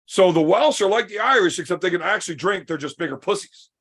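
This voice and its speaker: A man's voice: high voice, expressive, quick pace, a bit bright, breathy edge. A Canadian man who arm wrestles, telling long profane stories on a casual podcast. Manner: profane, boisterous, rambling anecdotes.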